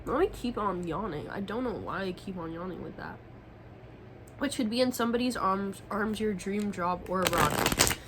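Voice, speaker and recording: A woman's voice: medium pitch, lively intonation, moderate pace, noisy background. A young woman giving a casual tarot reading, talking in an emphatic, slangy way and swearing freely. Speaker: tarot reader.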